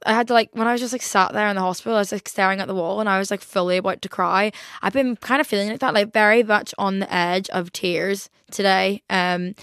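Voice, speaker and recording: A woman's voice: mid-range voice, fairly bright tone, dry recording, clean studio sound. A young woman hosting a podcast, chatting in a casual storytime monologue, swearing often and filling her talk with "like". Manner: chatty, swears a lot, heavy use of "like". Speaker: podcast host.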